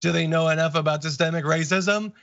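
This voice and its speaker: A man hosting an online political talk show, mocking quotes with deadpan sarcasm. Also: fairly high pitch, brisk, creaky, muffled recording. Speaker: show host.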